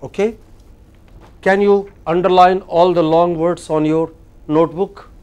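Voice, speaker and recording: A man with an Indian English accent teaching a classroom lecture, slow and deliberate, often putting questions to the class. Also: high voice, fairly even intonation, a little mellow, clear, resonant tone.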